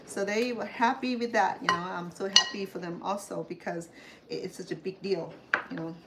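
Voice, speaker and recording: A woman's voice: on the low side, fairly even intonation, normal speed. Chatty woman cooking in a noisy kitchen. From Cambodia. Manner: chatty, rambling asides with many fillers and restarts. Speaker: home cooking host. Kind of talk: casual cooking demonstration. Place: home kitchen. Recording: clear kitchen clatter behind the voice. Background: clatter of dishes, pots and pans.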